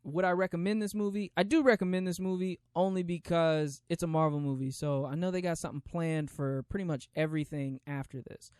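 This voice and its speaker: A man's voice: fairly high pitch, steady tone, a little fast, few pauses, a little mellow, clear, resonant tone, no echo, studio quality. A man hosting a solo podcast, reviewing movies in a casual, rambling way with lots of restarts and slang. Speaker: podcast host.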